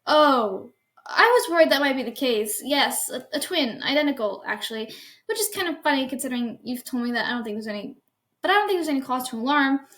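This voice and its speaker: A woman plays a middle-aged mother with a lifted, animated voice. She hesitates, restarts and rambles while confiding an old family secret. The lively, high pitch sets her apart from the narration. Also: brisk. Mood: hesitant, confiding. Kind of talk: storytelling voice.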